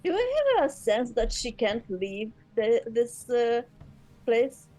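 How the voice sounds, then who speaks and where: A woman's voice: a little high, very animated, slow, mellow, faint music behind. A woman playing in a tabletop game, asking tentative questions in character. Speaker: player. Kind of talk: tabletop role-play chat.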